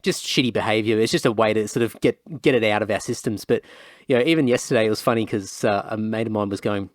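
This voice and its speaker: A man's voice: lowish voice, fast, dry recording, studio quality. An Australian man hosting a podcast, talking in a rambling, conversational way with many fillers. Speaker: podcast host. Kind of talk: casual chat.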